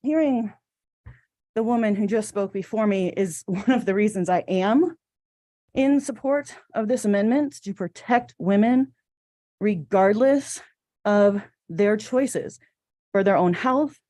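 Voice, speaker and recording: Woman in her 40s at a council mic, warm low-key tone, emotional but steady. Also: measured pace. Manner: earnest, emotional, a little choked up. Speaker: resident giving public comment. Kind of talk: public comment at council meeting. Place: city council chamber.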